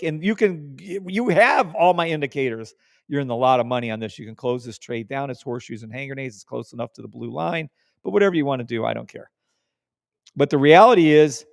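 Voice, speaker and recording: A man with a fairly high, gravelly voice hosts a live trading stream in a loose, chatty way. He leans hard on words and repeats them for emphasis. The sound is close and dry, with no room around it. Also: fairly quick, dry recording. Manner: emphatic, repeats words for stress, swears when riled. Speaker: trading livestream host. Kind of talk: casual live trading commentary.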